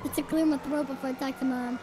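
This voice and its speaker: A woman's voice: high voice, fairly even intonation, quick pace, background noise, natural voice. A woman voicing a bratty, cheeky young daughter in a whiny, giggly kid voice, in comic game role-play.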